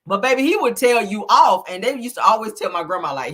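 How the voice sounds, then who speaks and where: Chatty woman host, husky, bright, lively swoops in pitch. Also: a little fast. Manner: animated, laughing, calls audience child and honey. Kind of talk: casual celebrity news chat.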